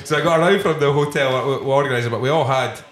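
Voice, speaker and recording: A man's voice: mid-range voice, racing, fairly bright tone, roomy sound, slight background noise. A Scottish man, the podcast host, telling a casual anecdote in the back room of a pub and laughing often as he goes.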